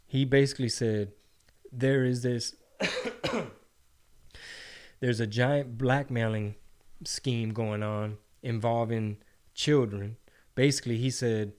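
Profane, animated man on a podcast. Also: mid-range voice. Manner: animated, mocking impressions, slangy. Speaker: podcast co-host. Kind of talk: casual profane chat.

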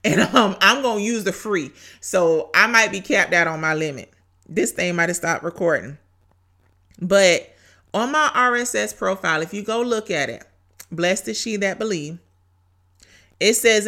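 Woman podcast host, faith talk, casual and heartfelt, lower voice, bright tone. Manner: casual, preachy, emotional. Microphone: home podcast mic.

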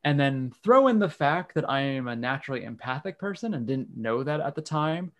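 A man's voice: medium pitch, lively intonation, brisk, fairly bright tone. A man, candidly telling a personal story in casual conversation. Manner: candid, frank, occasional swearing. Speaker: guest.

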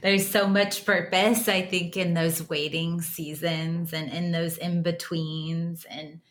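A woman with a somewhat low voice co-hosts a faith podcast. She speaks reflectively and affirms what is said, with an earnest, conversational delivery. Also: little pitch movement, slow. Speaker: podcast co-host. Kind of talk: casual faith chat.

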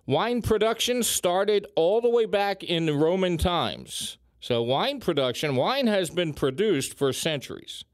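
A man chats casually like a host, his voice sitting slightly high. He punches key words with lively emphasis between filler ums. The sound is dry and close, with no room around it. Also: measured pace, few pauses, no room sound. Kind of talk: casual chat.

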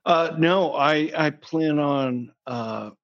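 A man's voice: a little high, takes it slowly. A man chatting casually as a podcast guest, joking crudely and rambling. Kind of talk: casual chat. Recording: dull lo-fi sound.

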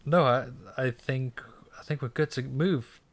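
A man's voice: mid-range voice, measured pace. A young man chatting casually, hesitant, stumbling and repeating words as he tells a story. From Britain. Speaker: podcast co-host. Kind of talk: casual chat.

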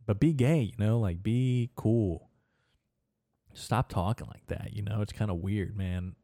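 A young man rambles through his own solo podcast in a low, dark, mellow voice, swearing freely and laughing at his own jokes. The recording is dry and close, with no room sound around him. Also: a little slow, dry recording. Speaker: podcast host. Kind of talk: casual solo podcast monologue.

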